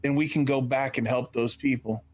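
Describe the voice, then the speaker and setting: A man's voice: medium pitch, steady tone, moderate pace, a little mellow, close to an everyday voice. A man playing a persuasive character with a cane, pleading and reassuring in a tabletop game.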